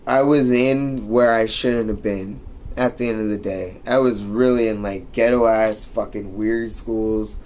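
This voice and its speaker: This young American streamer has a fairly low, slightly mellow voice with a steady tone and a measured pace. His casual storytelling rant wanders, packed with profanity and filler words.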